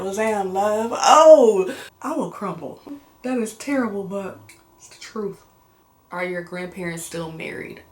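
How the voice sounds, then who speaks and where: Young american woman rambling through q&a, laughs a lot, slangy, echoey room. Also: fairly low pitch. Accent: American English. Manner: animated, laughing, slangy storyteller. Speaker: vlogger. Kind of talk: casual get-to-know-me chat. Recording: roomy echo.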